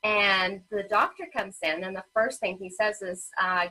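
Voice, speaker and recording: Guesting on a casual interview, a parent advocate and children's author in her thirties shares an emotional family story packed with fillers and quotes she acts out. Her mid-range voice sounds pushed and bright, at a measured pace. The audio quality is rough.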